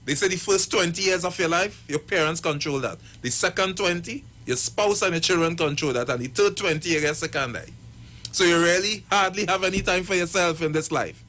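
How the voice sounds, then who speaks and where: A man's voice: high-pitched, fairly quick. A pastor and marriage counselor, giving advice on radio and acting out the people in his stories. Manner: animated storyteller acting out quoted voices. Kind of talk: radio talk, storytelling advice.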